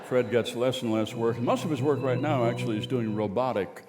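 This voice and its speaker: A man's voice: mid-range voice, fairly quick, big-room sound, music in the background. A man hosting a live radio show and telling a wry, meandering tale.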